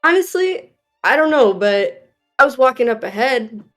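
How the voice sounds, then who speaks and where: A woman's voice: high-pitched, big pitch swings, normal speed, fairly bright tone, faint music behind. A woman playing a tabletop game in a laid-back, casual way. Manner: laid-back, laughs often. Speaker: player.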